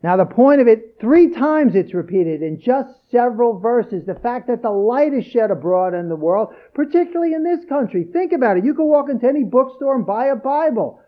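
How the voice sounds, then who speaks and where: Male preacher, higher voice, emphatic scripture reading, muffled low-fi audio. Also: big pitch swings, normal speed, hardly any pauses. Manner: earnest, emphatic, repeats key phrases. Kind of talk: sermon.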